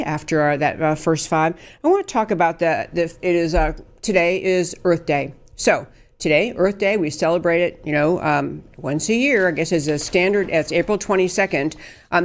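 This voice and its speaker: A woman hosting a political talk show, giving an emphatic commentary monologue with frequent fillers and restarts. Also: mid-range voice.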